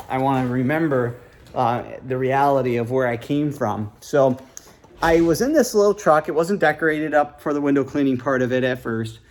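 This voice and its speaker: A middle-aged man from Michigan telling his life story casually and earnestly, rambling with fillers while sitting in his car. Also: on the high side. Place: inside a parked car.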